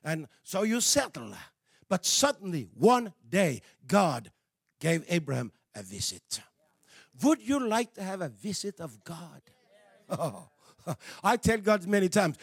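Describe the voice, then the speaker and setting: A man preaching a sermon, animated, moving from quiet asides to shouts, with halting repeats and slightly non-native phrasing. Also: sits high, vocal fry, slightly rough, dry recording, clean studio sound.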